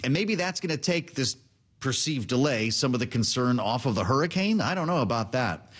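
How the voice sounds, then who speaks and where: Male anchor, mid-range voice, brisk and chatty with guests. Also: medium pitch, expressive, a bit bright. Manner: brisk, conversational, reads quotes aloud. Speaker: news anchor. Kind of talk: broadcast news presenting.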